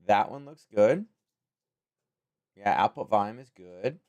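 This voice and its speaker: Kinda hoarse guy chatting on his home stream, mic right up close, rambly and easygoing. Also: fairly low pitch, animated, a little slow, a little mellow, lo-fi sound. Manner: rambling, thinking aloud, chuckling asides. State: slightly hoarse. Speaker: trading stream host. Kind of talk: casual livestream chat. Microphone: close-up desk microphone.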